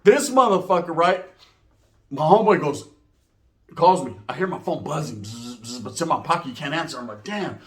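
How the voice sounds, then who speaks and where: Guy doing a raunchy comedy story, rambly and animated, voice on the higher side. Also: a little fast. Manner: animated, rambling, profane, mixing in slang. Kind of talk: profane comic storytelling.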